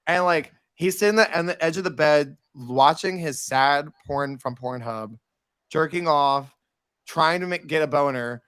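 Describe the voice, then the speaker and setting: A man telling stories in casual podcast chat, animated and campy, slipping into quoted voices. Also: a little high, measured pace, smooth. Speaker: podcast guest.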